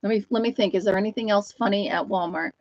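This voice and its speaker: A chatty woman hosts a casual live chat stream, rambling through her stories and pausing to greet viewers by name. Her mid-range voice is close and dry with no room sound, and the audio is a little dull and lo-fi.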